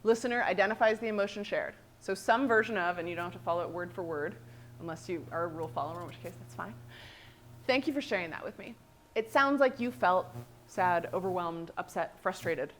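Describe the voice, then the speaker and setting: A woman trainer presenting a workshop, lively and animated, often checking in with "right?". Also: fairly low pitch, brisk.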